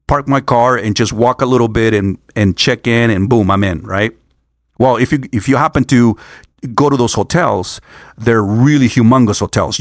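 An older man talks in a loose, rambling way, tripping over false starts and swearing as he goes. His voice sits on the low side and sounds dry and close, with almost no room around it. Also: dry recording. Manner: rambling, halting restarts, frequent swearing. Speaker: vlogger on a work trip. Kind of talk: casual rambling monologue.

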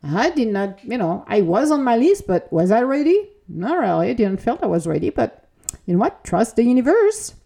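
Animated woman hosting a motivational podcast. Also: fairly high pitch, moderate pace, vocal fry. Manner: animated, self-talk, acts out quoted voices. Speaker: podcast host. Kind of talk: motivational spiritual podcast monologue.

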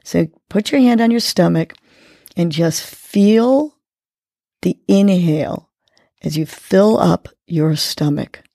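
A woman hosting a morning segment, calmly guiding listeners through breathing and affirmations and repeating each cue gently. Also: lowish voice, slow pace, creaky, no room sound, studio quality. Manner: calm, instructive, repeats cues gently. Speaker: host of a morning motivation segment.

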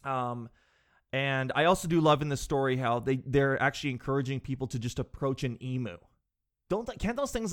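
A man's voice: mid-range voice, fairly bright tone. A man hosting a podcast, telling comic stories in a loose, rambling way, swearing casually and acting out the people in them. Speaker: comedian podcast host. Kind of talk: comic storytelling monologue.

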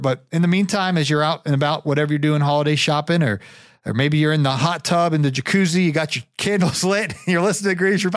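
Man, podcast host, slightly high voice, very dry sound, enthusiastic, rambling. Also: dry recording. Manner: enthusiastic, rambling, repeats himself. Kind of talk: casual podcast chat.

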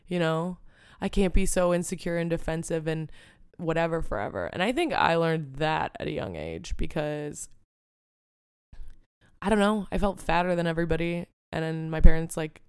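A woman's voice: low-pitched, smooth, no room sound, studio quality. A young adult woman hosting a podcast, talking on her own in a candid, swearing, casual way, with lots of "like" and "you know.". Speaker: podcast host. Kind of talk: casual solo podcast monologue.

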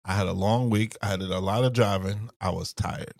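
A man's voice: lowish voice, steady tone, moderate pace, vocal fry, no room sound. Insistent man, dry sound. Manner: insistent, interrupting, argumentative. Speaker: podcast co-host. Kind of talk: casual chat.

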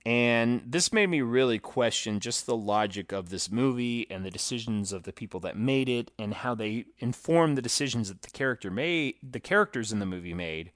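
Animated man mocking a movie, dry sound. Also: mid-range voice, normal speed, few pauses, no room sound. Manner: animated, mocking, acts out quotes. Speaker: podcast co-host. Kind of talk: casual movie review chat.

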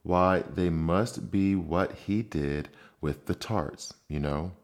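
A man's voice: low-pitched, slow pace. A man voicing a fussy, pompous old king who reasons aloud with self-satisfied mutterings. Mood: musing.

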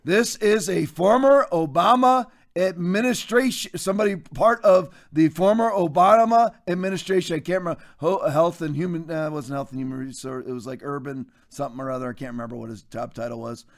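A man's voice: fairly high pitch, a little fast, hardly any pauses. A man hosting a political commentary show, talking in an emphatic, mocking way with folksy asides. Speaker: host.

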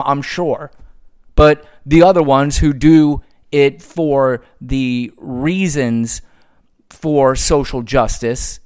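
Solo podcast host, man, slightly high voice, lively sarcastic rant. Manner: sarcastic, ranting, profane.

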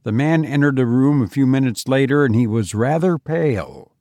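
A man narrating a first-person story in a measured, even way. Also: medium pitch, no room sound. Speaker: audiobook narrator.

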